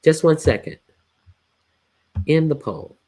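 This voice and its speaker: A woman's voice: deep voice, animated, takes it slowly, mellow. A woman hosting a casual livestream, chatting loosely with laughing asides. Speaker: livestream host.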